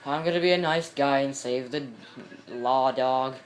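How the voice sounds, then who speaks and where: A man's voice: mid-range voice, unhurried, slight background noise. A man giving casual gameplay commentary, rambling and breaking off mid-sentence to chat with viewers. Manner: rambling, self-interrupting, chatty asides to viewers. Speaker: video game commentator.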